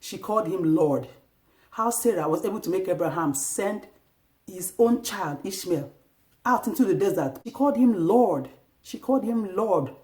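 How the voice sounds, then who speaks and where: Speaking at a moderate pace with a medium-pitched, expressive voice, a Christian marriage advice vlogger gives wives earnest, faith-driven exhortation. She dramatizes home scenes with sharp raised bursts, and the room around her echoes.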